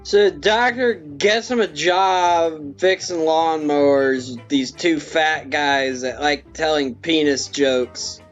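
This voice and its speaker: A drunk film reviewer rambling through a profane comic plot recap. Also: mid-range voice. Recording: dull lo-fi with faint music.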